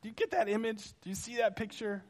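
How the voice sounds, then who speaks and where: A male pastor preaching a sermon, telling stories in an animated, conversational way. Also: high-pitched, fast talker.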